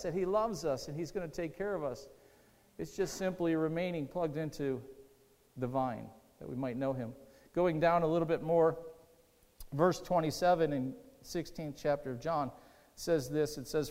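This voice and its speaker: A man with a fairly high voice preaches in a casual, conversational way, repeating key lines and putting questions to his congregation. His voice rings out with a long hall reverb, as in a church sanctuary. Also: normal speed, a little mellow. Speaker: pastor. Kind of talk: sermon.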